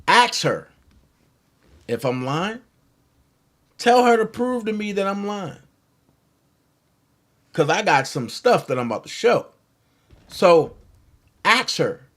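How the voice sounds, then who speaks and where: A man's voice: high voice, sing-song, slow pace, pauses often, a bit bright. Rambling man telling a story on his channel. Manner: rambling, conversational, restarts and asides. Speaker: commentary channel host. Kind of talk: casual livestream storytelling.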